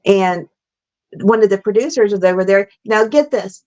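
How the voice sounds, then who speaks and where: A middle-aged woman guest telling stunt stories in a lively, laughing, casual way, full of "like" and "super freaking cool.". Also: mid-range voice. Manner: animated, laughing, fast bursts, says "like" and "super freaking cool" a lot. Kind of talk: casual storytelling interview. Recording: slightly dull lo-fi sound.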